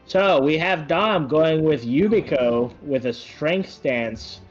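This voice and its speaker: A man's voice: fairly high pitch, takes it slowly, soft background music. Man, casual game commentary, rambling, self-correcting, lo-fi voice chat. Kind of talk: casual esports-style commentary.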